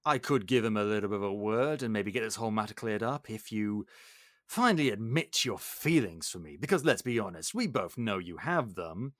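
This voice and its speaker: A man voicing a vain, scheming male suitor in a lowered, smug tone. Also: expressive, fairly quick, a bit bright, no room sound, studio quality.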